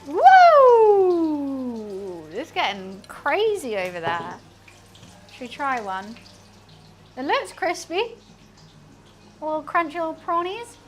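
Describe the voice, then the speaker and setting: A woman with a high, sing-song voice speaks at a measured pace, pausing often, her tone fairly bright. She's streaming herself cooking in a home kitchen, chatting casually and poking fun at herself for her chat. Faint sizzling from frying can be heard behind her.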